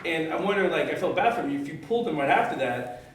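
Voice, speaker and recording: A man's voice: fairly high pitch, animated, quick pace, slight background noise. A man in the audience asking a rambling, sympathetic question. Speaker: audience member. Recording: far from the mic in a very echoey room.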